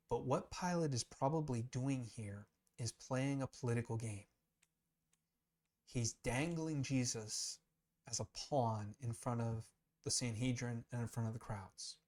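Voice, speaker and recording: A man's voice: medium pitch, a little slow. A man teaching Scripture in a casual, explanatory way, earnest and emphatic, often restarting mid-sentence as he thinks aloud. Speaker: Bible teacher.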